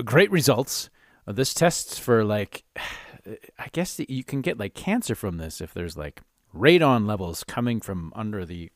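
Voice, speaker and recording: A man's voice: on the low side, no echo, clean studio sound. A middle-aged man hosting his own podcast, rambling through candid stories and laughing at himself. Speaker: podcast host. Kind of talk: casual monologue.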